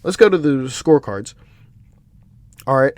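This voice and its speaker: This solo MMA podcast host is a man ranting in an animated, exasperated way, swearing and frequently starting over. His mid-range voice moves at a measured pace in a dry recording.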